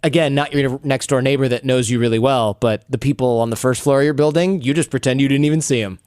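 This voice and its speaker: A man guesting on a podcast, telling stories in an animated way and acting out the people he quotes. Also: medium pitch, fast talker, clean tone, no room sound, clean studio sound. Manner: animated, acts out quoted people in raised voices. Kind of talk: storytelling interview talk.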